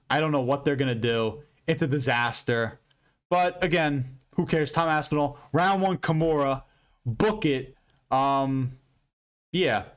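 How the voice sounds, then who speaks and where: A young man hosting a fight predictions channel, giving casual, profane, emphatic commentary with lots of rambling. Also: mid-range voice.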